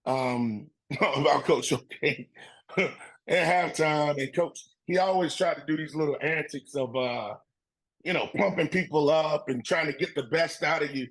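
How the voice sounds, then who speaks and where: A middle-aged man and former football player, telling animated stories in a casual interview, acting out his coaches' voices and laughing often. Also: on the high side, unhurried, rough recording.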